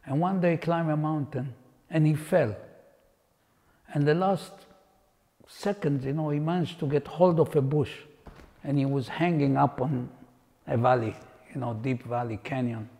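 An older man, an interviewed artist telling anecdotes in an unhurried, reflective way. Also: fairly high pitch, steady tone, vocal fry, mellow, in a large hall. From Israel. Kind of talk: reflective storytelling.

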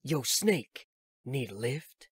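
A man's voice: mid-range voice, big pitch swings, slow, breathy edge, no room sound, clean studio sound, full character voice. Man doing a merry brash arms dealer. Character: cheerful cocky male arms dealer. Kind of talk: audiobook character reading.

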